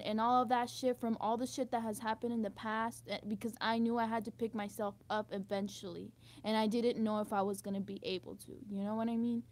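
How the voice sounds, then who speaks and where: High-voiced frustrated young woman venting. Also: darkish tone. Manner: emotional and frustrated, swears, heavy use of "like". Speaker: vlogger. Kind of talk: candid venting monologue.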